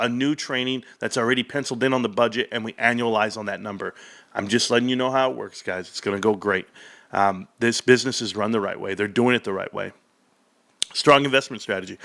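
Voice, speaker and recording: A man giving excited solo commentary on a company's earnings, emphatic and repetitive, talking straight to his viewers. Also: medium pitch. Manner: hyped, emphatic, repeats phrases, addresses viewers as guys. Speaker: stock commentary youtuber.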